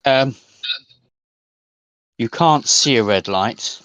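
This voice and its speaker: A man, narrating a tabletop game as game master in a halting, descriptive way with many fillers. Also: medium pitch, fairly bright tone, clean tone, dry recording.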